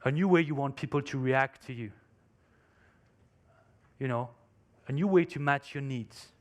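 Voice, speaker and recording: A man's voice: mid-range voice, a little slow. A man speaking English as a second language, giving an emphatic motivational conference talk and telling a story. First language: not English. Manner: storytelling, emphatic, non-native phrasing.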